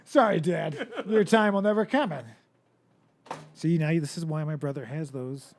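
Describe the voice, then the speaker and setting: A young man with a high voice and a gravelly edge chats on a comedy podcast. He tells long, winding stories full of wry jokes. His talk is casual and loose. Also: normal speed, slight background noise. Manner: rambling storyteller, wry and joking. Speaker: podcast co-host.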